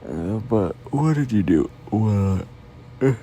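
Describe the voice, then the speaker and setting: Young man, whispered role-play, drowsy affectionate boyfriend, dark mellow low voice. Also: lively intonation, slow, slight background noise. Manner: sleepy, yawning, affectionate and giggly.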